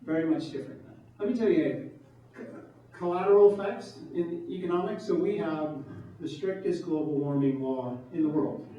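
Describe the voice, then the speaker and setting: A man's voice: on the high side, normal speed, warm tone. A man giving a campaign speech to an audience, emphatic and fond of rhetorical questions. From New York. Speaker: political candidate. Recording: distant mic, echoey room, dull sound.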